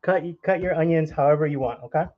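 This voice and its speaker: A man's voice: a little high, fast talker, narrow, tinny audio. A young man hosting a live cooking stream in his kitchen, chatting and joking with viewers as he works. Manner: chatty, jokey, talks to viewers while cooking. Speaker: cooking channel host. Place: home kitchen.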